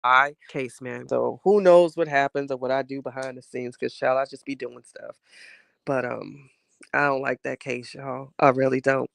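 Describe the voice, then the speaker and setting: A man's voice: medium pitch, steady tone, normal speed, gravelly, fairly bright tone, no room sound, clean studio sound. A man hosting a casual chat show, talking candidly and at length while getting over a cold. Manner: candid, rambling, heartfelt commentary. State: has a cold. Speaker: host.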